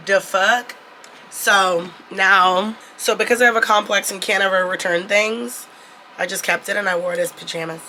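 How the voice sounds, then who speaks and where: Young woman vlogging on her phone, bright tense voice, chatty, cusses a lot. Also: medium pitch, slight background noise. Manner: chatty, blunt, swears freely. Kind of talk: casual vlog talk to camera.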